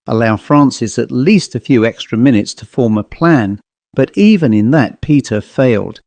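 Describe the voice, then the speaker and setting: Man narrating a spooky short story, dark mellow voice, dry close mic. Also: mid-range voice, no room sound. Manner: measured, even storytelling. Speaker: audiobook narrator. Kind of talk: scripted literary narration.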